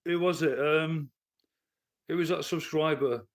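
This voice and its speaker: A man's voice: fairly high pitch, steady tone, unhurried. A man, ranting bluntly and with swearing to his live-stream chat from his living room. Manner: blunt, profane, heated. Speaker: livestreamer and commentator.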